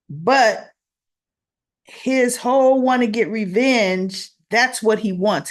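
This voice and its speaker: A woman chatting casually as she retells soap opera scenes, acting out the lines with her own asides. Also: mid-range voice. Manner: chatty, reenacts dialogue with asides. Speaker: soap opera recap host.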